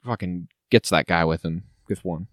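A man co-hosting a podcast in casual chat, animated and rambling, with frequent swearing. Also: sits low, normal speed, no echo, studio quality. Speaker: podcast co-host.

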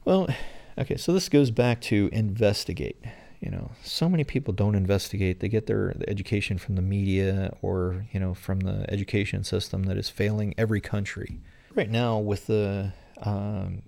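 Gravelly, dark-voiced American man. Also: fairly low pitch. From United States. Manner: rambling, many fillers. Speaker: interviewee. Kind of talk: conversational interview.

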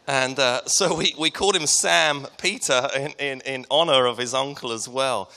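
A man's voice: on the high side, takes it slowly, vocal fry, sharp tone. A man in his thirties from Hertfordshire with an English accent, preaching a sermon in a casual, joking way. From Hertfordshire, England. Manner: chatty, joking, self-deprecating. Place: church hall. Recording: long hall reverb.

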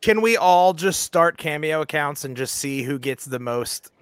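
A man's voice: on the high side, measured pace, clear, resonant tone, no room sound. A man hosting a casual podcast, telling stories with lots of laughter. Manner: animated, laughing storyteller. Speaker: podcast host.

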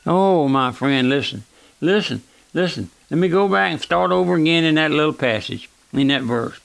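A man preaching a sermon on the radio in a plain, folksy, earnest manner, often calling out to his listeners as friends and slowing down for scripture. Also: fairly high pitch, animated, gravelly, dry recording. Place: church auditorium.

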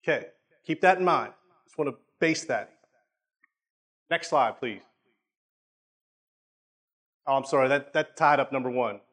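A man preaching a sermon in a conversational way, often checking in with his listeners and repeating words, slowing down to stress points. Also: medium pitch, expressive, fairly bright tone.

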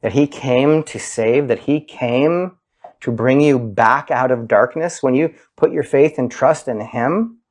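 A male pastor preaching a sermon, slow and emphatic, rising high when quoting scripture and dropping low and soft for emphasis.

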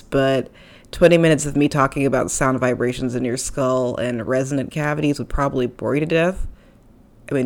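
A young woman hosting her own podcast, talking casually into a microphone with playful, self-deprecating asides. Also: extremely low pitch. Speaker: podcast host. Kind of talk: casual solo podcast talk. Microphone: studio microphone.

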